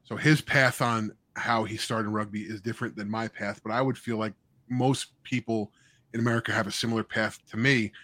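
A man's voice: on the low side, bright, forceful tone, no room sound. Rambling man co-host, dry sound. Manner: rambling, many restarts. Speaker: podcast co-host. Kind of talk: casual podcast chat.

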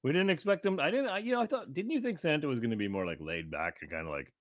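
Rambling, animated podcast host. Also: male voice, a little high, fast talker. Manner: rambling and jokey, acts out voices in anecdotes. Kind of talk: casual chat.

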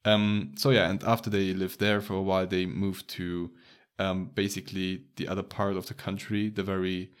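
A man's voice: sits low, flat delivery, moderate pace, hardly any pauses, smooth. A man with a light Romanian accent, a native Romanian speaker, chatting casually with a friend, laughing often and restarting his sentences. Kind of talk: casual chat.

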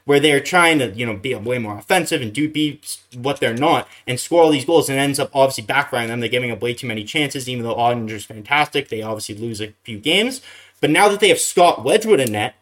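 A man's voice: a little high, fairly bright tone. A man ranting casually after a hockey game, exasperated, with many fillers and restarts. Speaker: hockey streamer. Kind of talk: casual post-game rant.

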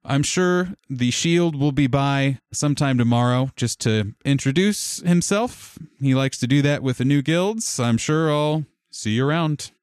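A man voicing a calm, polite male guide saying a friendly goodbye. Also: medium pitch, a little slow, hardly any pauses, smooth, no echo, clean studio sound, voice pushed up, close to an everyday voice.

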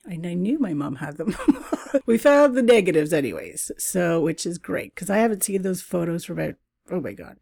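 Bubbly middle-aged woman with a gravelly voice. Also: fairly low pitch, darkish tone, no room sound, clean studio sound. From Canada. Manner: bubbly and chatty, laughs often. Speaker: podcast host. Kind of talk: casual travel podcast chat.

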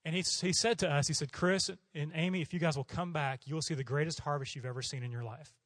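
Middle-aged male missionary preacher from Oklahoma, quick and animated storyteller, slightly high voice, dry close sound. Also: no room sound. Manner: animated, acts out voices in his stories. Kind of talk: storytelling sermon.

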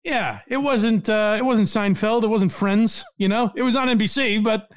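A man's voice: high-pitched, normal speed. A man hosting a casual podcast, talking in a wry, sarcastic way. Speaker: podcast host.

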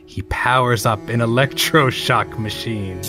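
A man's voice: mid-range voice, a little slow, over music. Chuckling male podcast host narrating. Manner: chuckling, reads stage directions flatly between laughs. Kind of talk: comedic podcast dramatic reading.

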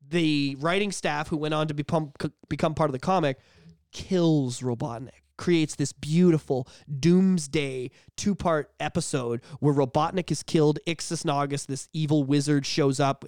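High-voiced man rambling excitedly. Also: no room sound, clean studio sound. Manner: excited rambling storytelling, swears freely. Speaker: podcast co-host. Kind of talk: casual chat.

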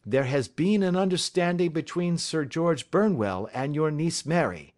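A man voicing a composed, stern male detective in an audiobook, deliberate and authoritative. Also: a little high, lively intonation, darkish tone. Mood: explaining. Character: calm, stern male detective, measured and assured. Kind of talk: audiobook character reading.

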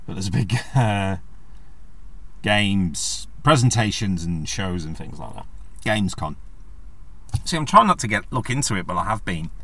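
A man rants casually in a sweary, sarcastic vlog. His voice is bright and forward, and it swings widely up and down as he gets worked up. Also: lowish voice, very animated, normal speed, pauses often. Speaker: vlogger. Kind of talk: casual rant.

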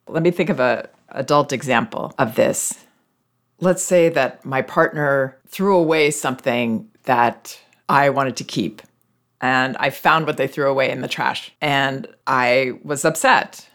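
A parenting advice host talks through listener questions in an unhurried, conversational way. The voice sits in a middling pitch and stays measured and patient. The tone is gently reassuring, like someone explaining things to parents who are struggling. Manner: calm, reflective, explains patiently.

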